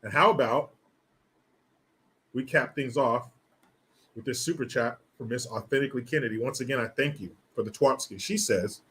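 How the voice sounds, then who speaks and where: A man's voice: mid-range voice, moderate pace, pauses often, fairly bright tone. A man hosting a livestream, talking casually and crudely, mocking with big theatrical swings. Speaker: livestream host.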